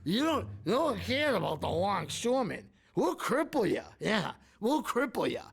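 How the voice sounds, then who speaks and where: A man's voice: high-pitched, sing-song, moderate pace, creaky, husky, voice pushed up, heavily acted. A man doing a threatening, mafia-style impression of a union boss. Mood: menacing. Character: tough mob-style male union boss.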